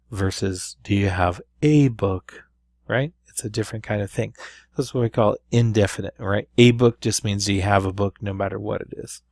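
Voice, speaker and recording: A man with a somewhat low voice gives a patient review lesson, explaining step by step and checking in with his listeners. His sound is dry and close, with no room around it. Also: a little mellow, no echo. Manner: explanatory, patient, with fillers and frequent "right?". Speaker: Spanish teacher. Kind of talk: recorded classroom review lesson.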